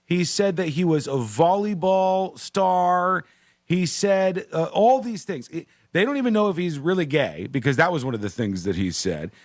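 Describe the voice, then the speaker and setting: Animated, laughing male radio host. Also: sits high, moderate pace, dry recording, studio quality. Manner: animated, laughing, does mocking impressions. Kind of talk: casual radio banter. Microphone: studio microphone.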